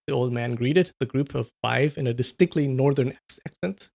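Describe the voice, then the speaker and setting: A man reading a novel aloud on a livestream, breaking off for relaxed chat with viewers' comments. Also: medium pitch, moderate pace, gravelly. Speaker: livestream storyteller.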